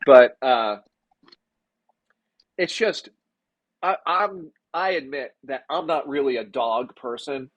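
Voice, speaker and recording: A man hosting a podcast, telling stories in casual chat with lots of swearing and an animated delivery. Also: mid-range voice, takes it slowly, pauses often. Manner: profane, animated storyteller. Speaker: podcast host.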